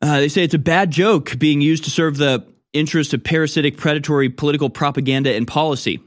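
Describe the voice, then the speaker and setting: A man's voice: a little high, fast talker. A man hosting talk radio, reading news and mocking it with sarcastic commentary that often trails off.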